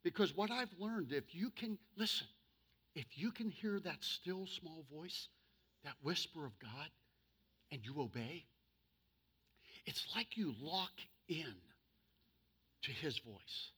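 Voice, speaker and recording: A male pastor preaching to his church, humorous, with sudden loud bursts and slow, emphatic stretches. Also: fairly high pitch, animated, breathy edge. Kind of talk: sermon.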